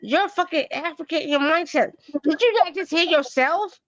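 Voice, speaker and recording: A woman's voice: very high-pitched, normal speed, no echo. A woman swearing and scolding in exasperation during a heated argument on a live stream. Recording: dull lo-fi audio.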